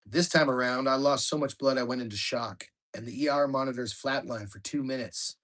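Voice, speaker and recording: A man reading his own memoir in a calm, measured voice of middling pitch. He narrates in a steady, matter-of-fact way, letting the story carry itself.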